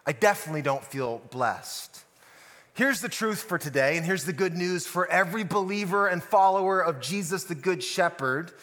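A man's voice: sits high, moderate pace, hardly any pauses, sharp tone, in a large hall. A man preaching a sermon as a pastor, telling a story and asking listeners rhetorical questions. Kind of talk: sermon podcast.

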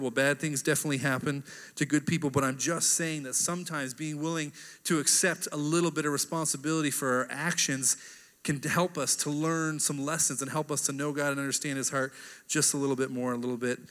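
A man in his thirties delivers a relaxed, talky sermon, tagging his points with "right?". His voice is bright and a bit high. It rings through a large church hall with a long echo. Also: brisk. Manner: chatty, keeps asking "right?". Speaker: pastor. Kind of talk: casual conversational sermon.

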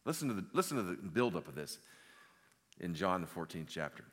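A man preaches, telling a story in an animated way and often repeating words as he goes. His voice is low yet bright and forceful. A long hall reverb hangs behind him. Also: brisk. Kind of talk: sermon storytelling.

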